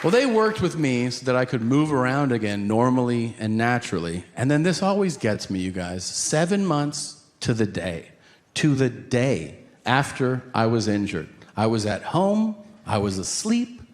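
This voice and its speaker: A middle-aged man doing stand-up storytelling on stage, animated and jumping into loud acted quotes. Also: mid-range voice, moderate pace, big-room sound. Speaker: stand-up comedian. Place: comedy stage. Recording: live stage recording with audience noise.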